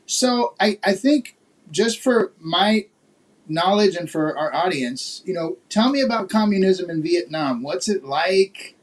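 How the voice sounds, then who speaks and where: High-voiced man hosting a casual chat. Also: expressive, a little slow, rough recording. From Florida. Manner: loose, rambling questions with many fillers. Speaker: podcast host.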